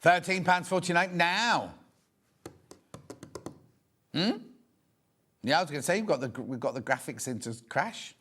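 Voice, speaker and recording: A chatty man in his sixties hosts a live shopping broadcast. His voice sits a little high and swings up and down a lot. He banters freely with viewers and greets them as he handles the goods. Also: animated, a little slow, pauses often, a bit bright, breathy edge. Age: 60s. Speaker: shopping channel presenter. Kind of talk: live TV product selling.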